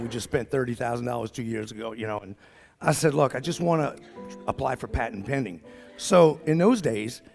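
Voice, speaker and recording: This business summit speaker is a middle-aged man from around New Orleans, Louisiana, with the local accent and a gravelly, medium-pitched voice. He tells a folksy story, acting out each line of dialogue.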